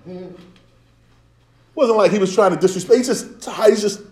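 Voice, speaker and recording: Animated preacher man in an echoey room. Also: sits high, moderate pace. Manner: animated, conversational preaching with acted asides. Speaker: pastor. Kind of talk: sermon.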